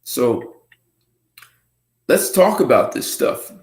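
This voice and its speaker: A man hosting a casual livestream show, talking in an unhurried, musing way with frequent restarts and throat clearing. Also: medium pitch, sing-song, darkish tone. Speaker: host. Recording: roomy echo.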